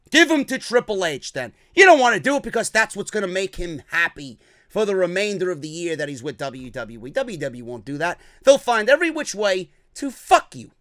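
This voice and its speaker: A man with a very high, animated voice delivers a profane wrestling rant, often breaking into shouts. His tone is bright and sharp. The sound is dry and close to the mic. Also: no echo. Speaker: wrestling commentary host. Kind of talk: ranting commentary.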